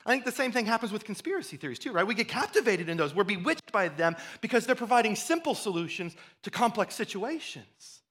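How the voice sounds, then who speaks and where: A pastor preaching a sermon in a conversational way, often restarting his words and building to loud, fired-up stretches. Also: sits high, fast talker, hardly any pauses. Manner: animated preaching that rises to loud, fired-up bursts.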